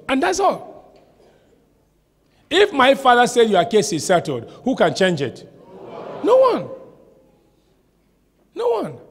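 A man preaching a sermon as a pastor, shouting some lines and slowing hard on others. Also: sits high. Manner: preaching with sudden shouts and dramatic slow stretches. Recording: long hall reverb.

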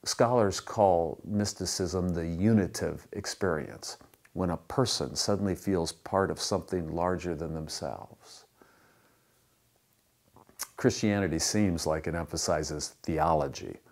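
A man with a fairly low voice preaches a sermon. His tone is conversational and relaxed, and he works lighthearted jokes into his teaching. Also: measured pace, creaky. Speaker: pastor.

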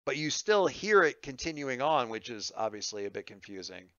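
A man's voice: mid-range voice, big pitch swings, normal speed, fairly bright tone, no echo. A man narrating as game master, rambling and hesitant, full of fillers. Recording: muffled dry lo-fi recording.

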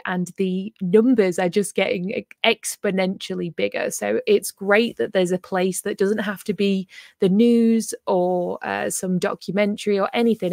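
A woman's voice: medium pitch, gravelly, no room sound, clean studio sound. A woman hosting a casual livestream, chatty and full of fillers as she talks to her viewers. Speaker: livestream host.

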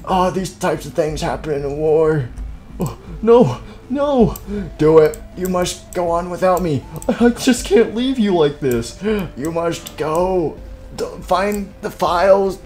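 Brief: man playing a raised-pitch, pained young box soldier, melodramatic, mellow tone. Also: expressive, slow. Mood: dying. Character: young male box soldier, dying, dramatic.

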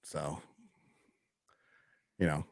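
A man's voice: very slow, no room sound, clean studio sound. A middle-aged man hosting a live stream, chatting casually and teasing his co-hosts. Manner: joking, teasing, with frequent laughs. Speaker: podcast host.

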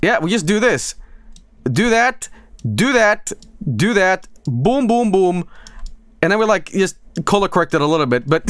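A man streaming live, chatting casually and excitably, swearing and laughing often. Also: high voice, moderate pace, dry recording.

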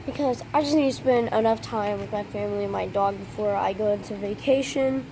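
A woman's voice: medium pitch, fairly quick, background noise. A woman vlogging on a handheld phone outdoors in a backyard, chatty and rambling as she talks to her dog. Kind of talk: casual vlog talk.

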